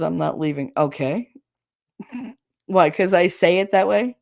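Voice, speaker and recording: A woman's voice: fairly low pitch, expressive, unhurried, gravelly, darkish tone. A middle-aged woman hosting a livestream, chatting casually and rambling, often laughing as she reads comments. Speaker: livestream host reading chat. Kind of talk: casual chat.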